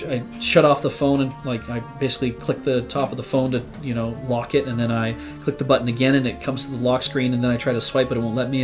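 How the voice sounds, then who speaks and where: A man, a regular on the show, telling a long rambling story in casual chat, swearing and acting out what he said at the time. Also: medium pitch. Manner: rambling, animated, swears, acts out his own quotes. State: sick.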